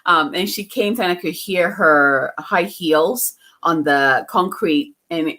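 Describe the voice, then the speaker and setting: Woman guest chatting away, lowish voice, laughs a lot, lots of likes and you knows. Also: slow, pushed and bright. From outside the US. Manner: chatty, laughs often, many fillers. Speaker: psychic medium guest. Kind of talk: casual interview storytelling.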